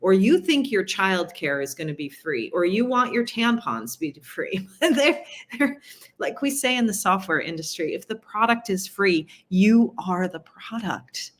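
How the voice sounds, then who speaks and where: A woman's voice: mid-range voice, big pitch swings, fairly bright tone. A woman from New York City, a city council candidate, talking casually in an interview with frequent asides and laughs. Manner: chatty, quick asides, laughs at her own points.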